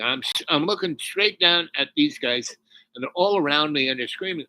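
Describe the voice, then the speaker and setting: Guy rambling thru a personal spiritual story, lots of restarts, bright pushy voice, dry close mic. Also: a little high, expressive, no room sound, rough recording. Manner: rambling, halting, restarts, drops to near whispers when moved. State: tearful near the end.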